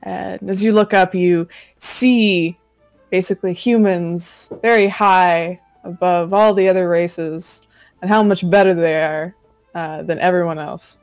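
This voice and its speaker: A woman's voice: lowish voice, steady tone, a little slow, dry recording, soft background music. Woman game master, dry close sound. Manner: vivid, gross-out descriptive. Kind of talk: narrating a tabletop game.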